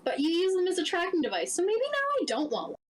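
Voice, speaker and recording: A woman's voice: extremely high pitch, wildly swooping pitch, fast, voice pushed up, heavily acted. A woman voicing a small, teasing male rogue.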